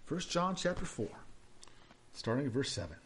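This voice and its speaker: A man preaching a sermon, reading scripture aloud and breaking into hushed, questioning asides. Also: a little high, normal speed, slight background noise. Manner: animated, swings between loud reading and hushed asides. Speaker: pastor.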